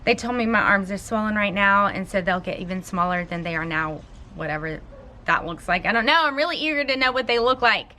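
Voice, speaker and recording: A woman's voice: medium pitch, expressive, fairly quick, sharp tone, slight background noise. A young woman from Oregon talking to her camera in a casual personal vlog, nervous, giggly and self-conscious. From Oregon, USA. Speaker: vlogger. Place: at home and in a car.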